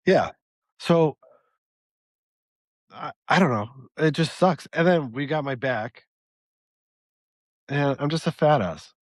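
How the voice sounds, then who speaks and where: A man's voice: on the high side, expressive, slow pace, pauses often, no echo, clean studio sound. A man in his forties, a podcast co-host, griping about himself in casual self-deprecating chat. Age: 40s.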